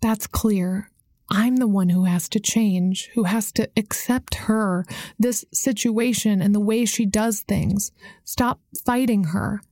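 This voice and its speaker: An audiobook narrator, female, delivers scripted narration with calm, even storytelling. Pitch is medium, the recording dry and the studio sound clean.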